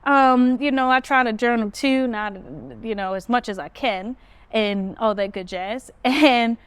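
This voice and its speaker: A woman hosting a podcast, casually recounting a story and jumping her pitch up high when she quotes herself. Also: unhurried, clear, resonant tone, no room sound. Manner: animated retelling, pitch jumps up when quoting herself. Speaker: podcast host. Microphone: phone.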